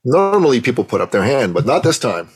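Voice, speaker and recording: A middle-aged man, a guest on an interview, telling a personal story with animated, emotional delivery and acting out the dialogue. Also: mid-range voice, fast talker, a little hiss or hum, rough recording. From Iran.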